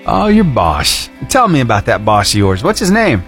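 On a studio microphone with soft background music, a man hosts a morning radio show and chats casually with a caller. His mid-range, fairly bright voice swings hugely in pitch at a moderate pace, and he's goofy, upbeat, and laughs often.

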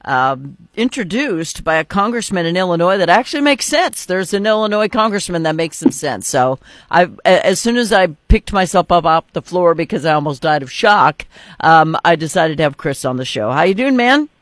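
A man's voice: high-pitched, big pitch swings, moderate pace, a bit bright, no echo. A man hosting a political talk show, casual and opinionated, joking with his guest.

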